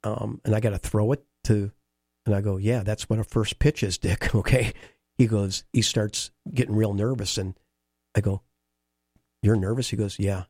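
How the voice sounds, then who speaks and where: A man telling animated anecdotes in a conversation, acting out quoted dialogue. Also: fairly low pitch, normal speed, dry recording, studio quality. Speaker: interview guest, former baseball team staffer. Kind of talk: storytelling conversation.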